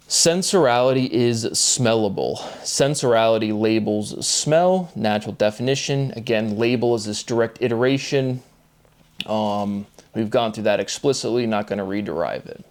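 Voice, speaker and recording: A man reading aloud from his notes in a rambling monologue, pairing words and muttering asides to himself. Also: on the low side. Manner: reads word pairs aloud, muttering asides. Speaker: self-published theorist reading notes.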